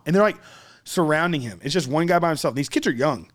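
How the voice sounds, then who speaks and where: A man's voice: fairly high pitch, lively intonation, fast. A man co-hosting a casual podcast chat, telling rambling stories with lots of fillers and laughing often. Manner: rambling storyteller, acts out quoted voices, laughs often. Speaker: podcast co-host.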